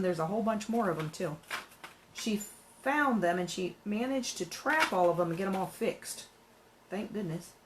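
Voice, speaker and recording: Woman, mid-pitched voice, chatty craft vlogger talking to herself as she paints. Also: a little hiss or hum, rough recording. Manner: thinks aloud, musing and chatty. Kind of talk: casual painting narration.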